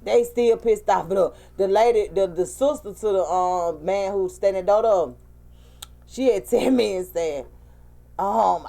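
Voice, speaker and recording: A woman, co-hosting a casual chat and telling lively, animated stories. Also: medium pitch, a little slow, creaky. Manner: animated storytelling, acts out quotes. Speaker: co-host.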